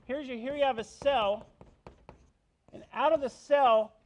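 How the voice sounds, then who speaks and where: The speaker is a middle-aged university biology lecturer whose voice is very high-pitched and a little slow. Working through the topic step by step in a lecture hall, he asks students questions and keeps saying "okay?" to check they follow.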